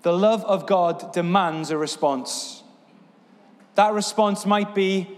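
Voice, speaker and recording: A man's voice: high-pitched, steady tone, slow, big-room sound. A man preaching a sermon as pastor, earnest, with a repetitive, building cadence. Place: church sanctuary.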